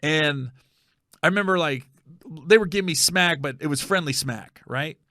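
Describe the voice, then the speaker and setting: Middle-aged male comedian-host, lively storyteller with a bright, higher voice, dry close mic. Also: moderate pace, no echo. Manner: animated, acts out voices in his stories. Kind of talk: casual storytelling monologue.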